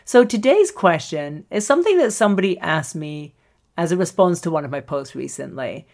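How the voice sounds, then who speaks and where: A woman hosting a solo podcast as a coach, talking in an animated way, often laughing and acting out the voices she quotes. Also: on the low side, normal speed. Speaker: podcast host and screenwriting coach.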